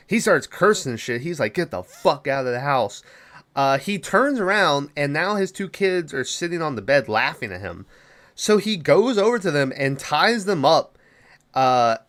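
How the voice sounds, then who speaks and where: A man's voice: fairly high pitch, fairly bright tone. Profane man recapping a movie plot. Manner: loose, profane plot retelling with quick quoted asides. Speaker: podcast host.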